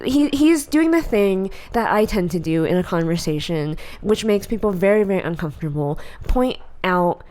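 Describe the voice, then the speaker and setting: A woman co-hosts a podcast, chatting casually with blunt opinions and animated storytelling. Her voice sits in the mid-range, and she speaks at a normal speed with hardly any pauses.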